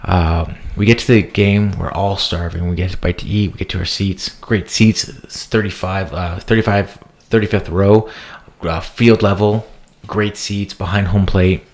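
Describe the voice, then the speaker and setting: A man's voice: sits low, steady tone, normal speed, a little mellow. A man in his thirties telling a long, rambling, profane story as a podcast co-host. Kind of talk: casual storytelling chat.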